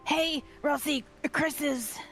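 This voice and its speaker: A man voicing a timid, gentle young woman healer who stammers and hesitates. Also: very high-pitched, steady tone, slow pace, creaky, soft background music, pitched above the performer's own voice, heavily acted. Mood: calling out.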